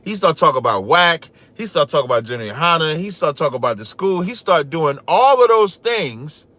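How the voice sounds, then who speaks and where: A man hosting a livestreamed podcast, talking loudly and boastfully, trash-talking and reading scripture aloud. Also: fairly high pitch, very animated, fairly quick, dry recording. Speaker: podcast host.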